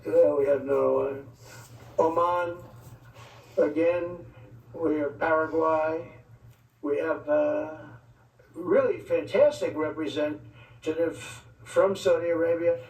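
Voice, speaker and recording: Politician type: man, rambling and ad-libbing with jokey asides, gravelly and a bit high-pitched, recorded from a distance. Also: takes it slowly, long pauses, a little mellow. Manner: rambling, ad-libbed, joking asides. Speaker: politician addressing foreign leaders. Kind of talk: off-the-cuff speech. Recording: echoey, distant mic, faint background noise.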